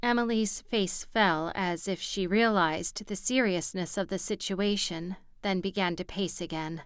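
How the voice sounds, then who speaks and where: A woman narrating a romance audiobook in a steady, even storytelling manner, on a studio mic. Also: medium pitch, measured pace, hardly any pauses, clear, resonant tone, no echo. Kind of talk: scripted narration.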